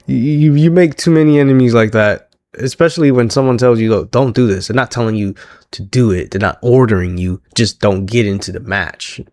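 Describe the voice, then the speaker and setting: A man's voice: on the low side, darkish tone, no echo. A man casually recapping a wrestling show on his own, chatty and laughing often as he acts out what the wrestlers said.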